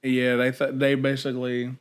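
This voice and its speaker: A young man chats on a podcast in a loose, slangy way. He rambles through stories and piles up fillers as he goes. His voice sits at an ordinary middle pitch. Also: monotone, normal speed, smooth. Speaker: podcast co-host. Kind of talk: casual chat.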